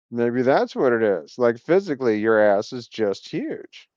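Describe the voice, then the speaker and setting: A man with a smooth, resonant voice talks in a loose, meandering monologue, often breaking off mid-thought with wry asides. The sound is dry and close, with no room around it, and the recording is dull and lo-fi. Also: medium pitch, sing-song, unhurried, hardly any pauses, a little mellow, no room sound. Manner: meandering, self-interrupting, wry. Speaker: video host. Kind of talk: casual rambling monologue.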